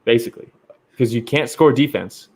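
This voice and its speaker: A man's voice: mid-range voice, moderate pace, gravelly, darkish tone, husky. A man co-hosting a casual podcast about fights, loose and profane, laughing often. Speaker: podcast co-host.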